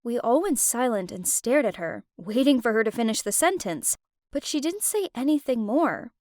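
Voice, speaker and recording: A woman's voice: fairly high pitch, expressive, moderate pace, darkish tone, no echo, clean studio sound. A young woman narrating her own story in the first person, emotional and confiding.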